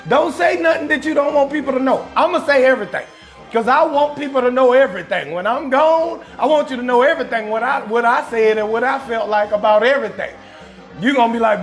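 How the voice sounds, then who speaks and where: A man with a Southern American accent, hosting a live-stream comedy show in a loud, profane, animated rant and calling out viewers from the chat. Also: very high-pitched, fairly quick, gravelly, soft background music.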